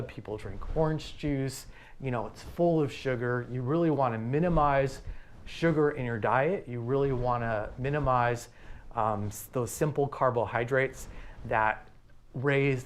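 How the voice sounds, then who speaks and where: A man in his fifties leading a livestream workout class, talking plainly and slowly with many pauses and ums. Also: medium pitch, a little hiss or hum. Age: 50s. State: out of breath. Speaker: fitness instructor.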